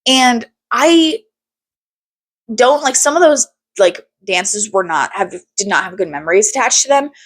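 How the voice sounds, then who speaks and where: A young woman hosting a podcast, talking in a candid, animated way, swearing freely and using lots of fillers. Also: on the high side, a little slow, slightly rough. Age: young adult. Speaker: podcast host. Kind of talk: casual chat.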